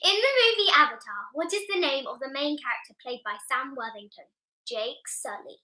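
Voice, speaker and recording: Excitable high-voiced young woman. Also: fairly quick. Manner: chatty, excitable, keeps interrupting. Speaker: quiz co-host. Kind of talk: casual chat. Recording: echoey room.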